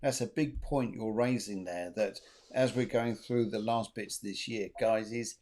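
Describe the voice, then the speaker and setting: A man's voice: on the low side, unhurried, darkish tone. A man hosting a spiritual talk show, chatting earnestly and repeating his key phrases for emphasis. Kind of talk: casual chat.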